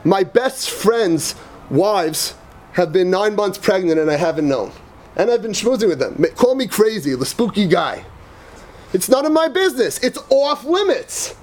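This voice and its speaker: A man's voice: high voice, big pitch swings, unhurried, a little mellow. A man, a rabbi, giving an emphatic lecture to yeshiva students, repeating phrases, telling personal stories and dropping Hebrew and Yiddish terms into his English.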